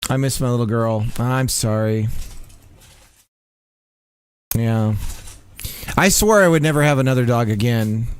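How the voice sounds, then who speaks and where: A man's voice: medium pitch, unhurried, long pauses, clear, resonant tone, dry recording. A man streaming from home who chats casually with his viewers in an easygoing, rambling way, full of ums and restarts.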